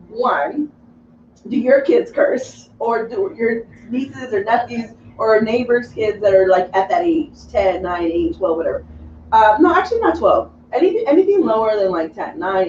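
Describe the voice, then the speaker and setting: Lively woman throwing questions at the table. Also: a little high, highs cut off. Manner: asks the group questions, animated. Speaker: radio show co-host. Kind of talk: casual chat. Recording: echoey distant mic with faint hiss.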